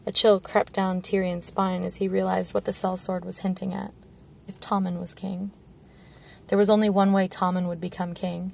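A woman reading a fantasy novel aloud in a measured, low-key way. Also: level tone, creaky, darkish tone. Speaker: audiobook reader.

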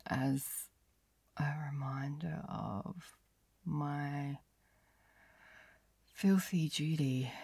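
A woman's whispered role-play, delivered as an intimate first-person narration. Her low voice has a heavy gravelly fry and lots of breath, sighing between lines. The sound is dry and close, with no room around it. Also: warm tone, dry recording. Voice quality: breathy whisper with frequent sighs. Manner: slow, lingering, intimate first-person storytelling.

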